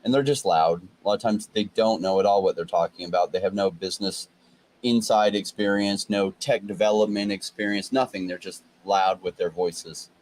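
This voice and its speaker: A man's voice: on the low side, fairly even intonation, moderate pace, darkish tone, a little hiss or hum, poor audio. Confident lecturing male host. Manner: confident, lecturing, talks at length. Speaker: crypto show host. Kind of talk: casual livestream commentary.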